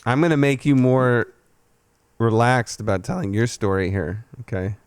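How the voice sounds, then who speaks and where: A man hosting a podcast and telling a long story in casual chat. He swears freely and jumps to a loud, high voice when he quotes himself. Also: steady tone, moderate pace, clean tone, no echo. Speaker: podcast host.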